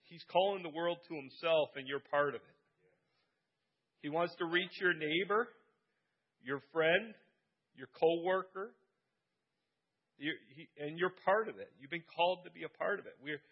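A male pastor delivers a sermon in an earnest, repetitive style, hammering home his key phrases. His voice sits a little higher than most men's. The recording is dull and lo-fi. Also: normal speed, pauses often, husky. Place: church service.

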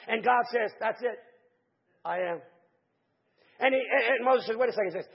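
A man preaching a sermon, calling out to the congregation and building to shouted climaxes. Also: high voice, normal speed, long pauses, slightly rough, lo-fi sound.

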